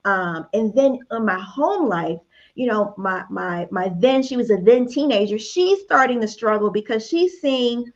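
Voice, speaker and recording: A woman's voice: a little high, lively intonation, a little slow, highs cut off. Woman telling a candid personal story. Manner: candid storytelling with frequent laughs. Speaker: author guest speaker. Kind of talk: personal testimony at a book event.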